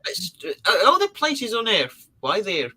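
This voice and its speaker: A woman's voice: mid-range voice, very animated, unhurried, sharp tone, breathy edge. A woman co-hosting a podcast, chatting casually and teasing out suspense with theatrical questions. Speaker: podcast co-host. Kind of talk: casual conspiracy chat.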